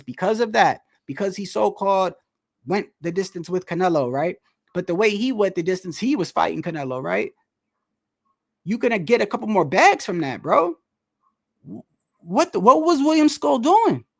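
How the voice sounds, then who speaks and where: A man, a boxer, chatting casually about a fight, animated and laughing, saying "bro" a lot. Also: high-pitched, vocal fry. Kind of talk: casual fight commentary chat.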